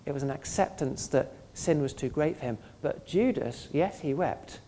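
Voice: mid-range voice, lively intonation, normal speed, mellow, slight background noise. A pastor preaching a sermon in an earnest, conversational way, often asking the listeners questions.

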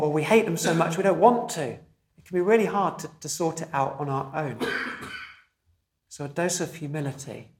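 A man, a pastor, preaching a sermon in a measured, emphatic way, slowing down to stress key phrases. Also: a little high, echoey room.

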